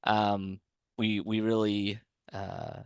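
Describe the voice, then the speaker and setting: A man's voice: on the low side, flat delivery, very slow, vocal fry, clear, resonant tone, no echo, clean studio sound. A man running a tabletop horror game as game master, narrating hesitantly with many restarts.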